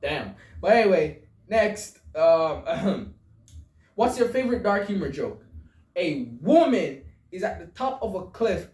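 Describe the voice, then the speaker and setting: A woman's voice: fairly low pitch, big pitch swings, takes it slowly, a little mellow, far from the mic. A woman hosting a podcast, commenting crudely on jokes, stammering and laughing, in an echoey room away from the mic. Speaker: podcast host. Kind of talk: casual joke commentary.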